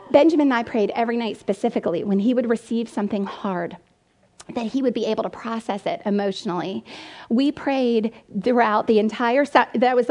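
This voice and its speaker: A middle-aged woman giving a lively storytelling talk to mothers, acting out quotes as she goes. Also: on the high side. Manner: animated storyteller, acts out quotes, gasps and laughs. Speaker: speaker at a mothers' event.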